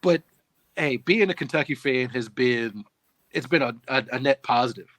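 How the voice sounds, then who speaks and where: A man's voice: mid-range voice, normal speed, fairly bright tone, no echo. A middle-aged man co-hosting a casual sports chat, earnest, often restarting his sentences. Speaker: sports show co-host.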